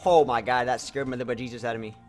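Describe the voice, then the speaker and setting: A young man streaming a game, talking excitedly to his viewers and swearing as he plays. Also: medium pitch, very fast, faint music behind. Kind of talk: casual gameplay commentary.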